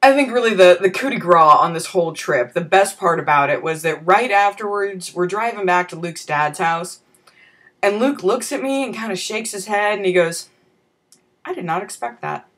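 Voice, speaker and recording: Wry low-voiced woman telling a story. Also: moderate pace. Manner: wry, profane, deadpan asides. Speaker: vlogger. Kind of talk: comic personal storytelling.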